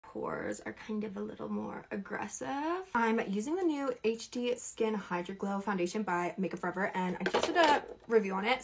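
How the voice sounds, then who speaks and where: A woman's voice: medium pitch, husky. A young woman, chatting casually through a makeup tutorial in a rambling, upbeat way. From Canada. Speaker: beauty creator.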